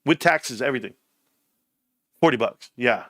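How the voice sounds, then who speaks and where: A man hosting a casual livestream from home, talking in an animated, rambling way with casual swearing. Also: mid-range voice, moderate pace, no room sound, studio quality. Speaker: livestream host.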